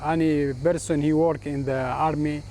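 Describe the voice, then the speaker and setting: A man telling his story in halting, broken English with many restarts. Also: fairly high pitch, steady tone, dark tone, a little hiss or hum. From Iraq. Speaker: interviewee, former army officer.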